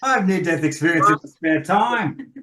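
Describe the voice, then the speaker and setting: Joking man, slightly high. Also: lively intonation, moderate pace, bright, forceful tone. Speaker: podcast co-host. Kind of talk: casual chat.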